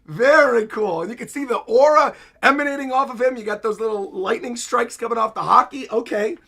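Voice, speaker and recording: A man's voice: very high voice, fairly quick, sharp tone. A man giving casual, upbeat reaction commentary on a livestream, chuckling as he walks through each panel. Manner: upbeat, chuckles often while describing panels. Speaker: streamer reacting to a comic chapter.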